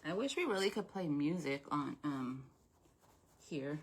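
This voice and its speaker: Speaking in a low voice with lively intonation and a breathy edge, this craft livestream host takes a measured pace as she demonstrates and chats casually, welcoming viewers by name. She sounds a bit stuffed up.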